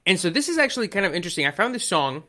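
Guy rambling about his favorite songs, bright punchy voice, lots of um and like, swears a bunch. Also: sits high, very animated, very fast. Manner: rambling, profane, acts out quotes. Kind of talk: casual chat about music.

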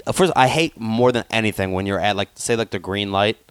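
Man, lowish voice, dry sound, joking rambling chat. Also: brisk, clean tone, no room sound. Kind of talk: casual chat.

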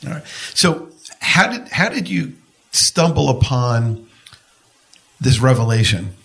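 A man's voice: medium pitch, animated, slow, creaky, fairly bright tone. A man hosting an interview, asking short questions and adding quips. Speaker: host.

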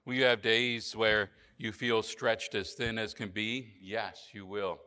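A male pastor preaching a sermon in an earnest manner, often dropping to a soft, low voice for emphasis. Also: steady tone, unhurried, few pauses. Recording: church hall reverb.

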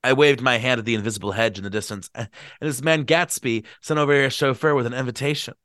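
A man's voice: medium pitch, fast talker, a bit bright, no echo, clean studio sound. A man hosting a book reading, narrating with playful jokey asides. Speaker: host and reader. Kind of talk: book reading with comedic commentary.

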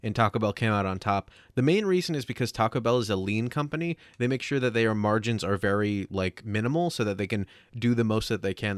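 A man's voice: lowish voice, brisk, few pauses, dry recording, studio quality. A man co-hosting a casual comedy podcast, swearing freely and spinning mock-serious bits. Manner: profane, deadpan mock-serious. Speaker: podcast co-host.

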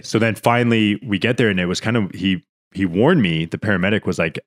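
A young man's fairly low voice moves a little fast with few pauses. Co-hosting a casual podcast, he recounts a story earnestly and emotionally, rambling with many restarts and almost in tears.

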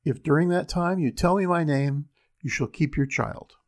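A man voicing a spiteful little dwarf in a storybook reading, with curt, mocking replies and a gravelly tone. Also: a little high, moderate pace, a little mellow, close to an everyday voice. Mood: smug.

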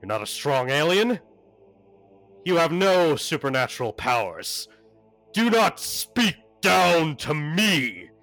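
A man voicing a proud, wrathful archangel who speaks slowly and with contempt. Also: a little high, sing-song, fairly bright tone, soft background music, voice pushed up, heavily acted. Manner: slow, contemptuous, commanding. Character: menacing archangel, imperious and wrathful.

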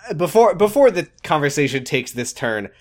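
A man's voice: on the high side, a little fast. A young man co-hosting a podcast, chatting casually about a show, laughing often and swearing. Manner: laughing, animated, swears a lot. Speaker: podcast co-host. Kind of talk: casual recap chat.

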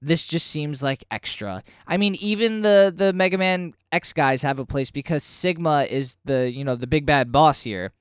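Podcast co-host, male, slightly higher voice, casual and animated, swears when riled. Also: normal speed, hardly any pauses, clear, resonant tone, no room sound, studio quality. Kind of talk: casual comic book review chat.

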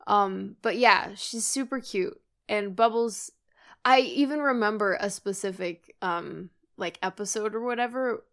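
A young woman with a bright, ringing voice chats casually on a podcast. She gushes and giggles, dropping casual swears along the way. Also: mid-range voice, measured pace. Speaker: podcast co-host. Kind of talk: casual chat.

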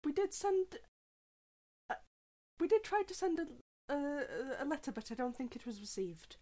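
High-voiced giggly woman player. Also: big pitch swings, unhurried, dark tone. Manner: giggly, hesitant chat.

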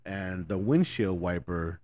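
A man hosting a podcast, asking relaxed questions and chatting about his own trips. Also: deep voice, slow, dry recording. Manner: relaxed, affirming interviewer. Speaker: podcast host. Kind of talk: casual podcast conversation.

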